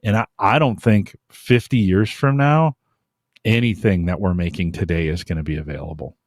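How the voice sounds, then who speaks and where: A man's voice: sits low, normal speed, no echo. A man co-hosting a podcast in casual chat, talking emphatically and giving strong opinions on a close mic. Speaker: podcast co-host.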